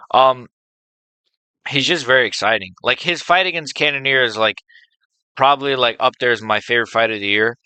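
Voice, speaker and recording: Bright-voiced guy riffing on fights, swears a lot, tons of ums and likes, smooth crisp tone. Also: medium pitch, dry recording. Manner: rambling, profane, with many fillers; enthusiastic fan opinions. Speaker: MMA video host. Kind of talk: casual unscripted monologue.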